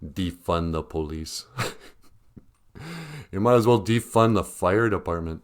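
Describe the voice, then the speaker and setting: A man's voice: low-pitched, measured pace, pauses often, smooth. A man hosting a podcast in a casual comedic monologue, sardonic and laughing at his own jokes. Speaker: podcast host.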